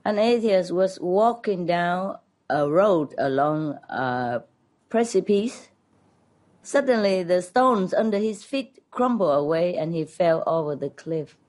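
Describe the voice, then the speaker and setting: A woman's voice: on the low side, expressive, takes it slowly, a little mellow. A woman teaching at a retreat, telling jokes playfully with chuckles and frequent check-ins with her listeners.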